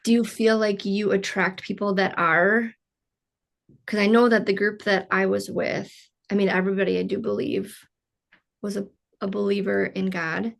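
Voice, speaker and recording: A woman's voice: medium pitch, little pitch movement, normal speed, vocal fry. A woman hosting a casual podcast interview, talking earnestly with lots of "like" and "you know". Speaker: podcast host.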